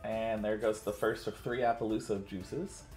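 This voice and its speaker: A man's voice: on the low side, fairly even intonation, normal speed, darkish tone. A man chats through a card game match as co-host, rambling along with plenty of filler words. His voice sits in a roomy, echoing space. Faint music plays underneath. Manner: chatty, rambling with many "like" fillers. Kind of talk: casual game commentary. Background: faint background music.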